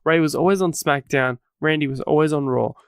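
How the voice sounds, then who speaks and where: Higher-voiced Australian guy, dry sound. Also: fairly quick, clean tone, no echo. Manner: rambling, corrects himself mid-sentence. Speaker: podcast co-host. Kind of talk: casual wrestling recap chat.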